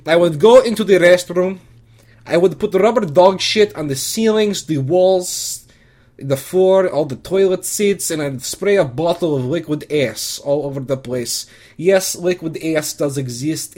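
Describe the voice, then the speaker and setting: A man's voice: on the high side, a little mellow. A man delivering a comedic first-person monologue, rambling and crude, with lots of restarts.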